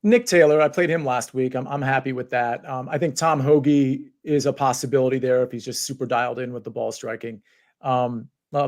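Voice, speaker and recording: A man co-hosting a golf betting podcast, easygoing and wry, tossing questions to his partner. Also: mid-range voice. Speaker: podcast co-host. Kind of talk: casual golf betting chat.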